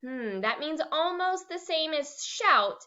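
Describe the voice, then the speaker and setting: A high, sing-song woman teaching children to read, drawing her words out slowly. She acts out words with expressive swings in pitch. The recording is muffled and lo-fi. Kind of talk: recorded reading lesson for young children. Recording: dull lo-fi recording.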